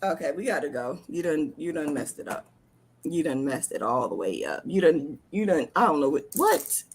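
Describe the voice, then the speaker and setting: A woman's voice: low-pitched, very animated, normal speed, slight background noise. A woman with a New Jersey accent hosting a casual chat on a video call, emphatic and laughing often. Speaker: host.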